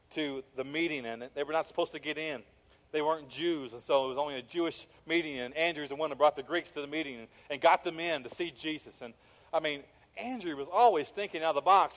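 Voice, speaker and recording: A man preaching a sermon, animated, acting out scenes with quoted voices. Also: on the high side. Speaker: pastor. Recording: long reverb of a large hall.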